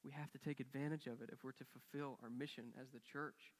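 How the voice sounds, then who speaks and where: A man preaching to his congregation in an echoing church sanctuary, his voice carrying a long reverb tail. He tells his story earnestly, bringing quoted dialogue to life with swells and hushes. His pitch sits mid-range. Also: steady tone, fast. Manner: earnest, acts out quoted dialogue with rising and falling intensity. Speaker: pastor. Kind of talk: sermon storytelling.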